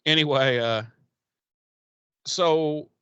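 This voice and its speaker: A man's voice: on the high side, extremely slow, pushed and bright, clean tone, no echo, lo-fi sound. A man casually recapping a TV episode on a podcast, rambling, swearing and acting out the characters' lines. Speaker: podcast co-host.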